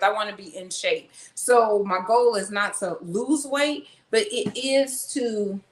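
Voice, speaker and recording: A chatty woman vlogs from her kitchen at home, making casual conversation while unpacking groceries and rambling on to her viewers, whom she calls "y'all". Her voice is medium in pitch and fairly bright, recorded in an echoey room with some faint noise.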